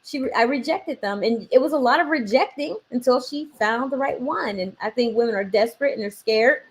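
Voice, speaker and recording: A woman's voice: a little high, fairly quick. A woman in her forties in casual conversation, telling a family story and acting out the voices she quotes.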